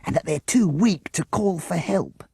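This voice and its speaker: A man's voice: high voice, lively intonation, a little slow, vocal fry, darkish tone, breathy edge, dry recording, clean studio sound, pitched above the performer's own voice, heavily acted. A man doing a doom-laden little schoolgirl. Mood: gloomy. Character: gloomy, dramatic young schoolgirl.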